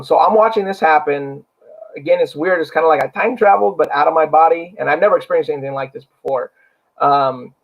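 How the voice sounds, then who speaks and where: A man, an actor and paranormal investigator, telling a story in a casual interview in an earnest, rambling way with many fillers. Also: fairly high pitch. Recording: dull lo-fi recording.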